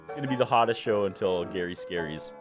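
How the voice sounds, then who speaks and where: Lowish-voiced wry male author guest. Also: expressive, fast talker, music in the background. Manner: dry, self-mocking humor. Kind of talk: casual chat. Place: radio studio.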